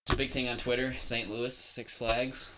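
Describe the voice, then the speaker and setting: A man's voice: mid-range voice, little pitch movement, normal speed, noisy background. A young man co-hosting a casual podcast chat, blunt and profane, reading news items aloud. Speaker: podcast co-host.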